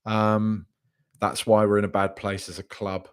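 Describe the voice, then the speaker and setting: A man's voice: lowish voice, level tone, unhurried, clean tone. A man hosting a live podcast, reacting casually and reading out chat messages, with lots of ums and restarts. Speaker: podcast host.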